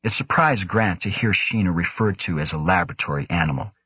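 Deep, husky male audiobook narrator. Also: brisk, bright, forceful tone, dry recording. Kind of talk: scripted narration.

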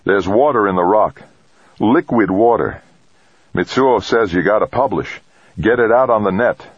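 A man's voice: on the low side, normal speed, slightly rough, no room sound, lo-fi sound, pitched above the performer's own voice. A man voicing a stranded male astronaut who sounds tense but in control. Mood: tense, controlled. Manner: terse, calm under pressure.

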